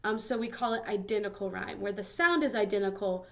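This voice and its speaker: A woman's voice: medium pitch, a little fast. A young woman teaching a casual lesson, explaining in a chatty way with many ums and likes.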